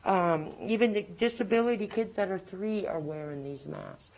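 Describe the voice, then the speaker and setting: A woman's voice: medium pitch, lively intonation, normal speed, darkish tone, low-quality recording. Agitated woman complaining at public comment. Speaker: parent giving public comment.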